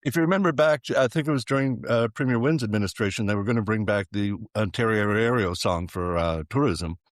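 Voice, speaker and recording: A political journalist on a panel, telling stories animatedly. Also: male voice, lowish voice, brisk, no echo, studio quality. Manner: animated storyteller. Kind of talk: casual panel chat.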